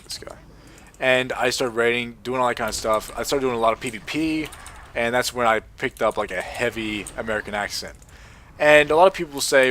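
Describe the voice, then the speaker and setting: A man's voice: mid-range voice, a little fast, fairly bright tone, slight background noise. A young man from Australia with a gaming headset, chatting casually and rambling while he plays a game. He swears often and leans heavily on filler words. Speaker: gaming video host.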